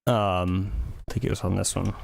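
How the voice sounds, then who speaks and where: A man's voice: low voice, fairly even intonation, normal speed, creaky. A man chatting casually on a music livestream, rambling and thinking aloud with many fillers. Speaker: music streamer.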